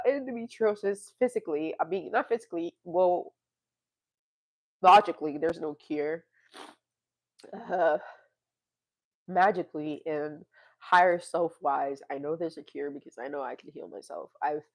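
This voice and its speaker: A woman vlogging to her viewers in a rambling, confessional way, sighing, laughing and swearing now and then. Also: mid-range voice. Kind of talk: candid casual monologue.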